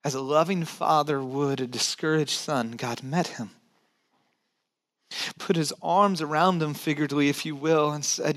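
A man preaching a sermon in a dynamic, conversational way, dropping to soft near-whispers and rising to emphatic points, with joking asides. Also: on the high side, fairly even intonation, normal speed. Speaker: pastor.

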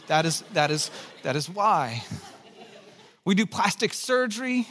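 High-voiced pastor preaching a sermon. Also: male voice, big pitch swings, a little slow, pauses often, a bit bright, slight background noise. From California, United States. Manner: earnest, storytelling, with dry jokes.

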